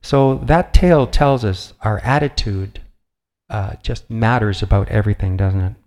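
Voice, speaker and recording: An older man giving a sermon, reading slowly and measuredly, with pauses and fillers as he tells a family story. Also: fairly low pitch, darkish tone. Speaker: preacher.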